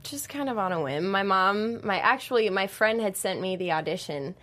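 A woman's voice: mid-range voice, lively intonation, normal speed, a bit bright. A young woman dancer chats as an interview guest. She tells her stories in a bubbly, giggly way, filling them with "like.". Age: young adult. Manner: bubbly, giggly storyteller with lots of "like". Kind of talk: casual interview chat.

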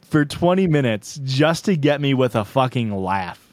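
A man's voice: medium pitch, lively intonation, moderate pace, darkish tone, no room sound. Rambling young male podcast co-host. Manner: rambling storyteller, self-deprecating, laughs often. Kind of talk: casual chat.

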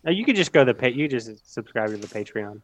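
A man's voice: medium pitch, expressive, quick pace, no echo. A man co-hosting a podcast, laid-back and easygoing in casual chat. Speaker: podcast co-host.

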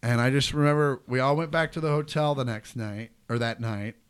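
Man telling a lively story. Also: medium pitch, brisk, clean tone. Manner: animated, acts out quotes loudly. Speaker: comedian guest. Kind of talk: casual storytelling.

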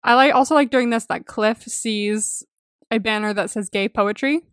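Woman co-host, slightly high voice, dry close sound, gushing and giggly movie-recap chat. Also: normal speed, clean tone, dry recording. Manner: enthusiastic, swears casually, laughs often. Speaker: podcast co-host.

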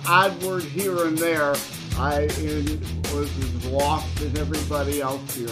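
A man's voice: on the high side, steady tone, measured pace, loud music behind the voice. A man co-hosting a podcast, chatting casually and thoughtfully, often chuckling. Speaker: podcast co-host. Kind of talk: casual chat.

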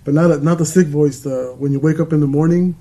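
A man's voice: a little high, steady tone, a little fast, dark tone. A man hosting a casual podcast, joking and swearing freely with his co-host.

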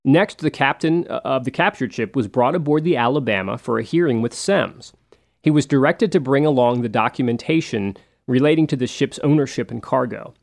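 A man hosting a history show, telling the story in a relaxed, conversational way with frequent fillers and asides. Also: medium pitch, brisk, vocal fry.

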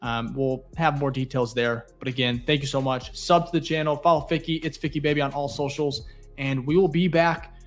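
A man co-hosts a sports podcast in a relaxed, rambling way, thanking listeners with plenty of fillers. His voice sits in a middle pitch. Faint music plays underneath. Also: brisk. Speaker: podcast co-host. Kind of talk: casual sports podcast sign-off.

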